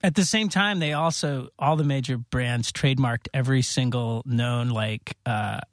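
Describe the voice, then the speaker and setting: A man's voice: medium pitch, moderate pace, no echo, clean studio sound. A man in a casual podcast chat, chiming in offhand with bits of trivia.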